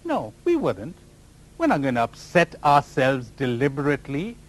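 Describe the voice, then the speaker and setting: A man's voice: medium pitch, wildly swooping pitch, moderate pace. A man giving a spiritual talk to a live audience, teasing them with rhetorical questions and sometimes mimicking other people's voices. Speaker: spiritual teacher.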